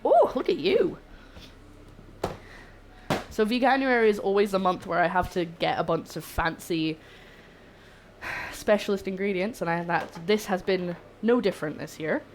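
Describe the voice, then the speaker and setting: A woman's voice: fairly low pitch, normal speed, slight background noise. Chatty woman cooking on stream. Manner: chatty, greets viewers warmly, jokey asides. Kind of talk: casual livestream chat while cooking. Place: home kitchen.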